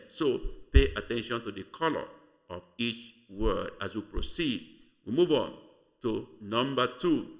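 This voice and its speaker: Nigerian male tutor, unhurried, bright tone, repeats words for learners. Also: medium pitch. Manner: slow, deliberate teaching, repeating words for learners. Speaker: language tutor. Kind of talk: spoken language lesson.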